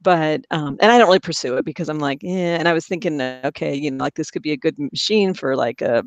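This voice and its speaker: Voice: medium pitch, quick pace, no echo. Dry voice, casual rambling storyteller, laughs a lot, group podcast vibe. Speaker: podcast host.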